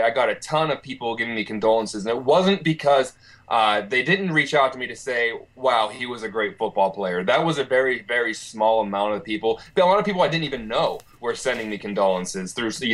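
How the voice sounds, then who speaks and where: A man's voice: mid-range voice, fairly bright tone. A man with an ordinary mid-range voice speaks as a guest in a casual podcast chat. His delivery is earnest and reflective, with frequent fillers and restarts. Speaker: guest, nephew of the person discussed.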